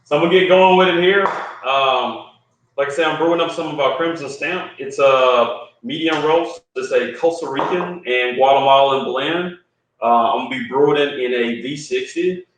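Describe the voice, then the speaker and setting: A man explains how he brews coffee in a relaxed, step-by-step way, dropping "man" into most lines. His voice is mid-pitched and sits far from the mic. The room around him is very echoey. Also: normal speed. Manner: laid-back, explains step by step, says "man" a lot. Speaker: coffee roaster guest. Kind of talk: casual chat and brewing demo.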